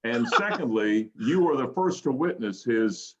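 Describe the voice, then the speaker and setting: A man's voice: mid-range voice, animated, unhurried, muffled recording. A man being interviewed as a guest, chatting casually with hedging asides. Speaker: guest, local TV anchor and former deejay.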